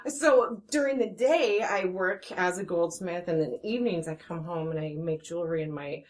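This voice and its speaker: A woman's voice: lowish voice, normal speed. A woman in her forties, a guest metalsmith, talking chattily and enthusiastically in a casual interview at her home workshop. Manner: chatty and enthusiastic, with many restarts. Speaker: guest metalsmith and jewelry designer.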